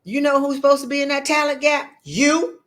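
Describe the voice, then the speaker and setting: A woman's voice: high-pitched, fairly even intonation, brisk, roomy sound. A woman leadership coach giving a motivational talk, blunt and emphatic, firing off rhetorical questions in sassy, colloquial speech.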